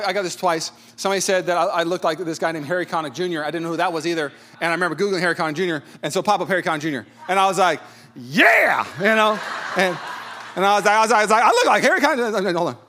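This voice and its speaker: A man's voice: high voice, pushed and bright. A man, a pastor preaching a sermon in a conversational, storytelling way with self-deprecating humor.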